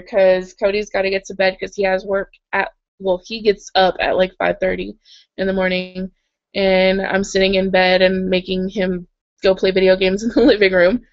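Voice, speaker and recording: A chatty young woman hosts a relaxed live stream from her bed, reading out viewer comments and answering with frequent giggles and "like"s. Her throat sounds a little sore, and the webcam audio comes through dull and lo-fi. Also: medium pitch, moderate pace. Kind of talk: casual live chat. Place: in bed at home.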